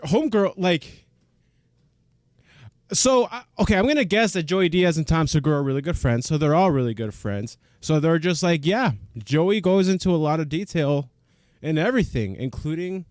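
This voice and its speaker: Guy doing a reaction vid, animated amused asides, pretty dry sound. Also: fairly high pitch, moderate pace, dry recording. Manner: chatty, quietly amused asides. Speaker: reaction video host. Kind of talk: casual reaction commentary.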